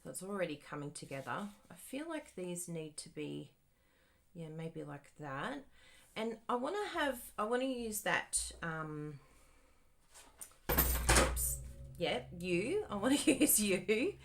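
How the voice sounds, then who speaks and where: A woman crafter chats through a live card-making demonstration, thinking aloud and addressing her viewers directly. Her voice sits slightly low, swings widely in pitch, and moves at an unhurried pace. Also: gravelly. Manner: chatty, thinking aloud while working.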